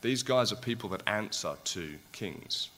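Guy preaching a sermon, takes his time, pitch jumps all over, keeps asking the crowd questions. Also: lively intonation, measured pace, bright, forceful tone, a little hiss or hum. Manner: rhetorical questions to the listeners, growing impassioned.

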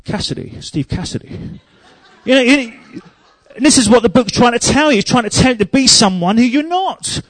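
High-voiced man preaching a sermon. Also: fairly quick, no room sound. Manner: humorous storytelling, rising to loud emphatic preaching.

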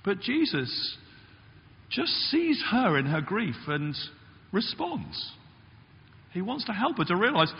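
A man preaching a sermon in a church, lively and expressive, acting out the quoted voices as he goes. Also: normal speed, vocal fry. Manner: animated, acts out quotes with big pitch jumps. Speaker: pastor. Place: church hall. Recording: dull sound with long reverb in a church.

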